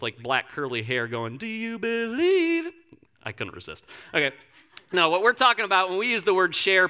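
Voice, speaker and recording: A young male pastor preaching with a high, bright, forceful voice. He tells stories with lots of humor and swings into playful quoted voices for the people in them. Casual and energetic in front of his congregation. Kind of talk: sermon.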